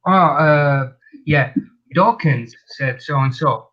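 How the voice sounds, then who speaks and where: Stream host: blunt, animated talker, slightly higher voice, muffled online call sound. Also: male voice, slow pace. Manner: blunt, animated storytelling with many restarts. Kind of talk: casual chat on a live stream.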